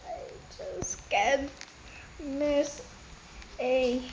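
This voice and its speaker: Woman gamer, high voice, unhurried delivery, excitable, broken grammar, noisy home recording. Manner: excitable, laughs and exclaims, talks to viewers as "guys". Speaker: gamer narrating her own play. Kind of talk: casual gameplay commentary.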